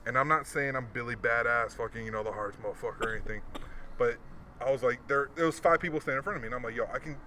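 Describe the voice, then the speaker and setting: Profane, animated man telling a story. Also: mid-range voice, rapid-fire, slight background noise. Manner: profane, animated, acts out quoted voices. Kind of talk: casual storytelling chat.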